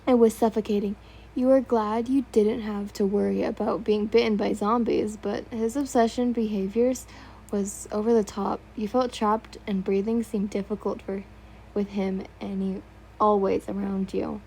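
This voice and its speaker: A woman's voice: mid-range voice, flat delivery, moderate pace, mellow, slightly rough, rough recording. A woman reading fan fiction aloud, stumbling over words now and then and remarking on typos. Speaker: story reader.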